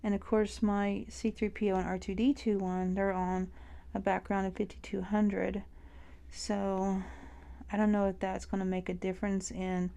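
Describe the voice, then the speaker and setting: A woman's voice: medium pitch, vocal fry, mellow, clear, resonant tone. A woman in her forties, chatting casually about her stitching projects in a rambling way. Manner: rambling and chatty, full of fillers. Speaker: cross stitch vlogger. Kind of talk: casual chat while stitching.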